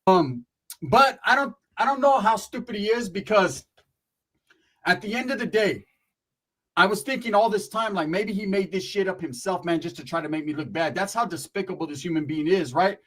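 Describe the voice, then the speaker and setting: A man's voice: sits high, normal speed, fairly bright tone, low-quality recording. A young man from Northern California ranting bluntly and profanely on his channel, tagging lines with "right?" and "bro". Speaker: YouTuber. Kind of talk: livestream rant.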